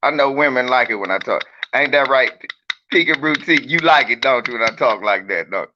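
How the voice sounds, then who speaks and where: A man's voice: mid-range voice, fairly quick, bright, forceful tone, muffled recording. A man chatting on a livestream in a brash, profane, joking way and teasing his viewers. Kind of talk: casual livestream chat.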